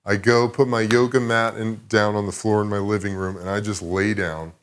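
A man with a somewhat low voice chats as a podcast guest. He tells his story loosely, with plenty of swearing and a reflective turn, in a casual, unscripted way. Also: little pitch movement, moderate pace. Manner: profane, rambling, reflective.

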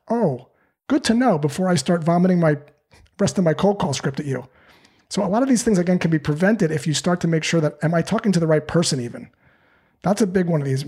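Higher husky guy, sales coach on a podcast, acts out cold calls. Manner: animated, acts out sales calls in quoted voices. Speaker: sales trainer. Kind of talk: podcast interview answers.

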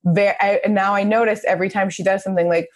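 A woman podcast host who tells a family story in a chatty, lively way with quick asides. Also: mid-range voice. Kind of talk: casual podcast conversation.

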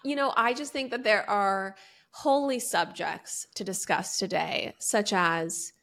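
A woman's voice: mid-range voice, a little slow, fairly bright tone. A woman co-hosting a pop culture podcast in casual chat, playful and mock-formal at times. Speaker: podcast co-host.

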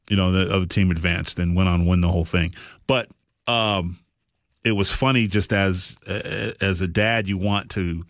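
A man hosting a podcast, telling a long story in casual chat, animated and rambling with frequent restarts. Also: low voice, dry recording, clean studio sound. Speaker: podcast host.

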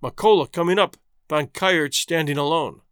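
A man narrating a story in a measured, expressive way. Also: on the high side, clean tone, no echo, studio quality.

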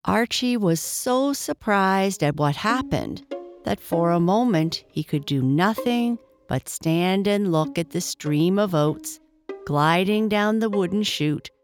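A woman narrating a bedtime story in a slow, gentle, soft-spoken way. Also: mid-range voice, expressive, soft background music.

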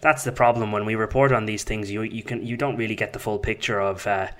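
Low-voiced male podcast host. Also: steady tone, fast, a bit bright. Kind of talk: interview.

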